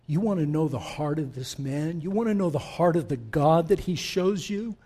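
Impassioned high-voiced preacher man. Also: animated, normal speed, slightly rough. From Middle East. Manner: impassioned, shifts from hushed to loud; direct, talks straight to the congregation. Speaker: pastor. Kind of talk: sermon.

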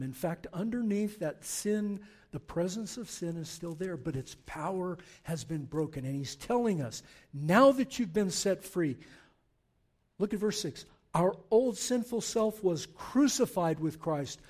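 Male pastor, higher-pitched voice, animated sermon delivery with scripture reading. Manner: animated preaching, reading scripture aloud, rising to forceful exhortation.

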